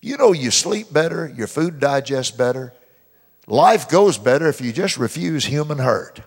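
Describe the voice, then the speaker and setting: A man preaching a sermon as pastor, stretching out key verses slowly and loudly, with dramatic emphasis. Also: expressive, slightly rough. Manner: mimics complainers in a high whiny voice. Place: church sanctuary. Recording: long reverb of a church hall.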